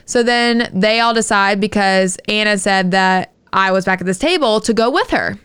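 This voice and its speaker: A woman's voice: mid-range voice, normal speed, smooth. A woman co-hosting a podcast, telling a story in casual chat with lots of swearing. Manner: animated, profane storytelling. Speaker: podcast co-host.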